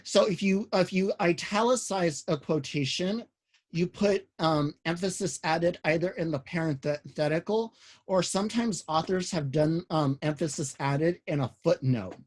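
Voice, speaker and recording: A man with a fairly high voice lectures a writing class over a video call. He talks loosely and conversationally, stopping and restarting his phrases and filling pauses with "um" as he walks through the rules. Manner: casual, many "um"s and restarts, explains step by step. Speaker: college writing instructor.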